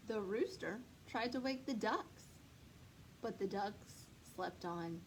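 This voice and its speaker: A woman librarian reading a picture book aloud to young children, slowly and expressively. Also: mid-range voice, slight background noise, low-quality recording. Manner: slow, lively, expressive, speaks to children. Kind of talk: storytime read-aloud.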